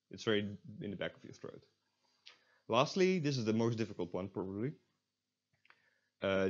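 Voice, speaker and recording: A man with as his teaching a beginner's language lesson, explaining step by step with frequent filler pauses. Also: lowish voice, darkish tone, lo-fi sound. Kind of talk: recorded online language lesson.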